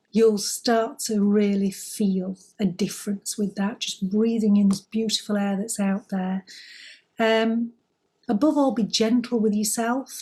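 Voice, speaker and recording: A woman co-hosting a spiritual talk, giving gentle, reassuring advice. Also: medium pitch, husky. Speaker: spiritual co-host.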